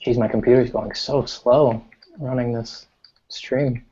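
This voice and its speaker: A relaxed male guest from New York who answers casually with short, dry remarks. His pitch is ordinary, and the audio is muffled and lo-fi. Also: a little slow, husky. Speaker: guest artist. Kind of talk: casual live-stream chat. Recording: dull lo-fi stream audio.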